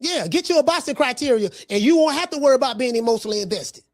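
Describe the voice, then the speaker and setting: A woman's voice: high voice, lively intonation, racing, darkish tone, no room sound, studio quality. A woman hosting a podcast, delivering brash, profane boxing commentary with lots of repetition. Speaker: podcast host.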